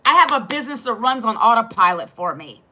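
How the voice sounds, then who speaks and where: A woman in her fifties from Northern Virginia with a raspy voice, talking bluntly straight to her viewers on a phone live stream. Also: a little high, animated, a little fast, pushed and bright. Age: 50s. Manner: blunt, talks straight at the chat. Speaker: livestream host.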